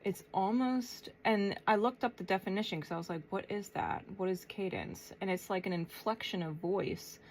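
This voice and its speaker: A woman tarot reader channeling messages aloud, thinking as she goes, with long pauses and a soft, unhurried way of talking. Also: medium pitch, slight background noise. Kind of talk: slow, reflective spiritual channeling.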